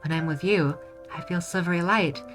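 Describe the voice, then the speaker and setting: Woman voicing a high, doting young princess, soft and coaxing, slightly hoarse, for a read-aloud game. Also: normal speed, soft background music, natural voice. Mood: tender. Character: sweet, doting young princess, playful and tender. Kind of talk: reading a visual novel aloud.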